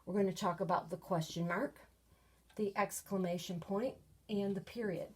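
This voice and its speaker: A woman teaching a recorded grade-school lesson, patient and clear, sometimes reading example sentences with lively exclamations. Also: medium pitch, normal speed. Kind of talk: recorded video lesson for children.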